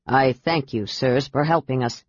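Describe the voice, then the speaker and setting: A woman voicing a calm, firm male half-elf leader in an audiobook. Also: very deep voice, a little slow, no room sound, voice pushed down. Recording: dull dry audiobook recording.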